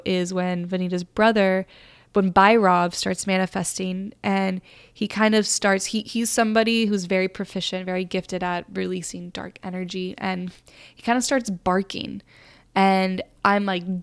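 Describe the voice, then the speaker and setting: Gravelly-voiced woman telling a story. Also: medium pitch, no room sound. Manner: rambling, filler-heavy, earnest. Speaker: podcast host. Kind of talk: casual storytelling monologue.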